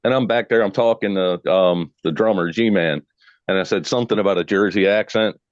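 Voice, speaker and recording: A man's voice: on the low side, brisk, dry recording, lo-fi sound. A man co-hosting an interview, asking curious, easygoing questions in casual chat. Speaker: co-host.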